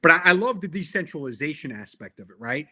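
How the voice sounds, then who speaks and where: A man's voice: a little high, animated, fast talker, sharp tone. A middle-aged man talking in a casual interview as a guest, earnest and emphatic, often restarting his sentences. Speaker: interview guest, tech sales veteran.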